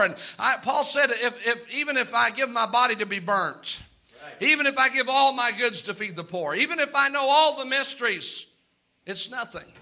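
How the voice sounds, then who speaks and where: High, bright-voiced male preacher. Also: lively intonation, normal speed. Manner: preaching with emphatic repetition and frequent amens. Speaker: pastor. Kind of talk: sermon.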